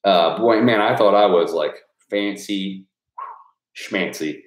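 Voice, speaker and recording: A man's voice: sits low, slow pace, echoey room. A man chatting casually with his supporters, loose and profane, rambling and laughing often. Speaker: YouTube creator thanking patrons. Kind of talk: casual live chat with supporters.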